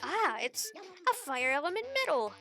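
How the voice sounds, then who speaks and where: A woman's voice: high-pitched, very animated, normal speed, vocal fry, pushed and bright, faint music behind, exaggerated voice. A woman voicing an eccentric, chatty old male professor who lectures in a folksy way, calling the listener sonny and feller.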